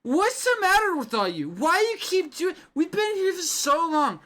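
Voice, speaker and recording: Man playing a whiny, loud drunk. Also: high voice, sing-song, takes it slowly, pitched above the performer's own voice, full character voice. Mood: ranting. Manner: slurring, petulant yelling. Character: whiny drunk adult man, self-pitying. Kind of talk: tabletop game character voice.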